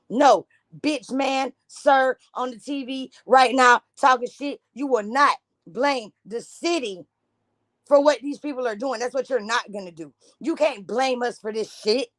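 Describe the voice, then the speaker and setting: A woman's voice: fairly high pitch, dry recording. Heated woman ranting. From Jacksonville, Florida. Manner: heated, blunt, profane. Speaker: vlogger reacting to news. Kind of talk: profane reaction rant.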